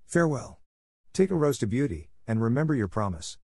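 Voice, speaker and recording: A man's voice: mid-range voice, very animated, fairly quick, vocal fry, a little mellow, breathy edge, no echo, studio quality, pitched above the performer's own voice, exaggerated voice. A man reading a grim, furious beast. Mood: commanding. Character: frightful angry male beast, grim and stern.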